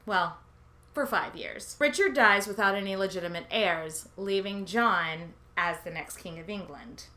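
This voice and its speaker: A woman's voice: medium pitch, a little slow, bright, forceful tone. A woman hosting a history podcast, telling a comedic scripted monologue with sarcastic asides, swearing and silly quoted voices. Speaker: podcast host.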